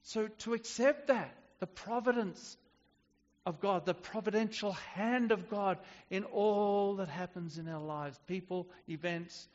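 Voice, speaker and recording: A man's voice: high voice, a little slow, a little mellow, in a large hall, muffled recording. A man preaching a sermon in a conversational way, often restarting his sentences. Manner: conversational with frequent restarts and fillers.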